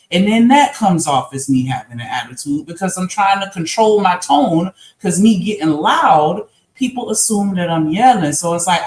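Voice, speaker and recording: A man on a live-stream panel, explaining himself earnestly and at length in casual talk. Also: sits high. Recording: roomy echo.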